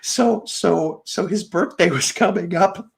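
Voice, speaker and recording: A man hosting a casual show, telling a story with big swings between low mutters and high exclaims. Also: a little slow, gravelly, a little hiss or hum. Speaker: host.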